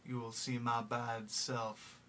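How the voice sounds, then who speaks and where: A young man vlogging in a put-on gentlemanly Southern accent, speaking slowly and formally with many hesitant pauses from a small practice room. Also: medium pitch, little pitch movement. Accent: put-on gentlemanly American Southern. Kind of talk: casual video diary. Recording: distant mic with faint background noise.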